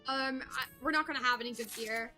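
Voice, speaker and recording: A woman giving live gaming stream commentary with excitable, laughing exclamations. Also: high-pitched, a little fast, over music.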